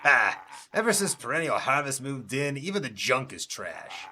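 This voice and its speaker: A man voicing a gruff older male junk scavenger who speaks loudly in a folksy drawl. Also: medium pitch, very animated, normal speed, slight background noise. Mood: grumbling.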